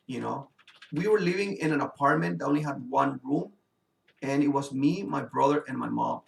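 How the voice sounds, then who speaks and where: A man's voice: mid-range voice, normal speed, gravelly. A man casually telling a personal story while playing a game, rambling with lots of fillers. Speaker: gamer and video host. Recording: roomy sound from a distant mic.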